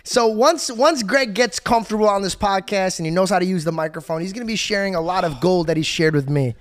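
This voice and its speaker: A man hosting a podcast, telling a story in a casual, animated way, laughing often and acting out scenes. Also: high-pitched, fast. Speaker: podcast host.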